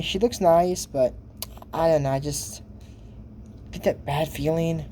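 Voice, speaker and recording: Guy rambling thru a cartoon recap, mellow soft tone, lots of um and so anyways. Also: a little high, a little hiss or hum. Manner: rambling, chatty, full of asides and fillers. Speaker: video host recapping a cartoon episode. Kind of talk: casual commentary.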